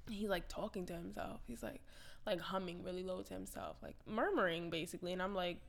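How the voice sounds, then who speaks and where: A woman's voice: mid-range voice, fast talker, creaky, a bit bright. A young woman co-hosting a casual chat, blunt and teasing, using profane slang.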